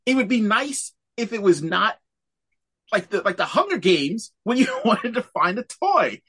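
A man co-hosting a podcast in casual chat over a video call, animated and laughing often. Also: high voice, measured pace, slightly rough. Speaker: podcast co-host.

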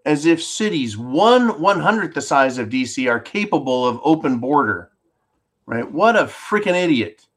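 A man's voice: on the high side, big pitch swings, moderate pace. A man from California hosting a political show, ranting bluntly and sarcastically as he reads out viewer questions. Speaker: host of a political call-in show.

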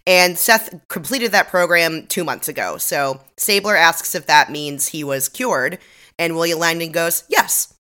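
A young woman with a low-pitched but bright, forceful voice chats through an episode recap. She talks casually, laughs often and pokes fun at herself. Her delivery is loose and conversational. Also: measured pace. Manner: chatty, laughs often, self-deprecating. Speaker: podcast co-host.

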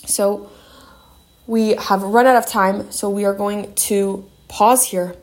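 A woman giving a spoken Torah lesson, passionate and emphatic, with sudden high bursts. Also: steady tone, slow pace, darkish tone. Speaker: Torah class teacher.

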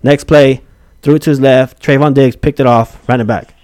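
A man's voice: mid-range voice, fairly even intonation, normal speed, a little mellow, no room sound. A man in a casual sports argument, stubborn and profane, insisting he is right.

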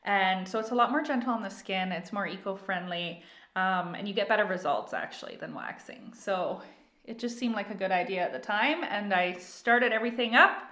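A woman co-hosting a casual podcast, a small business owner who explains things in an easygoing, measured way. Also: mid-range voice, lively intonation, pushed and bright. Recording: echoey room.

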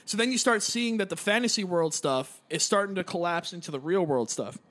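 A man's voice: high-pitched, a little fast, fairly bright tone. A young man chatting casually and rambling, with lots of filler words and swearing. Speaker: gamer describing a game. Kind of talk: casual chat.

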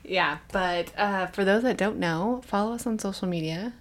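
This woman has a mid-range voice and a moderate pace. She co-hosts a podcast, chatting casually, telling lively stories and laughing a lot.

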